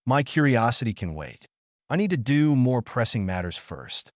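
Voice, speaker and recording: A man's voice: medium pitch, sing-song, normal speed, no echo, lightly acted. Man doing protective, hot-tempered young ninja; storybook reading, dry close sound. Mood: thinking.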